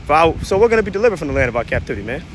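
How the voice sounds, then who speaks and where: A man's voice: fairly high pitch, very animated, rapid-fire, slight background noise. A man giving blunt, profane scripture commentary outdoors. He reads verses aloud, then explains them in slang, tagging his lines with "man" and "right?" He is short of breath. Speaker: religious commentator. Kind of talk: preachy street-corner scripture commentary.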